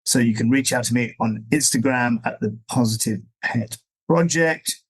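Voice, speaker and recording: A man's voice: medium pitch, moderate pace, breathy edge, low-quality recording. A middle-aged man, a dog trainer, talking as an interview guest in a rambling, easygoing, explanatory way. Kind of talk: conversational interview.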